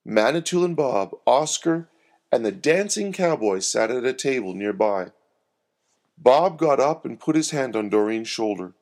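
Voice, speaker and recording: A man narrating a scripted story in a measured, expressive reading. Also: mid-range voice.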